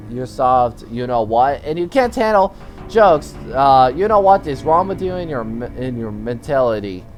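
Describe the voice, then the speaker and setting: A teenage boy who tells a story casually and reads chat messages aloud. He rambles, often stumbles and restarts, and says "you know what" in place of swear words. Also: mid-range voice. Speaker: channel host.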